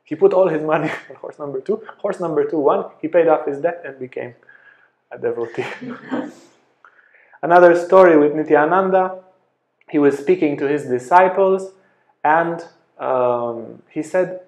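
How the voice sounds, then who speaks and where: A man giving a lecture as a yoga teacher, telling stories in a lively way and acting out the voices of people in them. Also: fairly high pitch, moderate pace. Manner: animated storyteller, acts out quoted voices. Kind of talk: storytelling lecture. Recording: echoey room.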